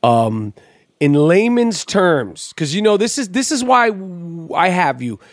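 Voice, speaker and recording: Animated stammering podcast host, man. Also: high voice, slow pace, dry recording, clean studio sound. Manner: animated, stammering restarts, swears. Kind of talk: casual sports chat.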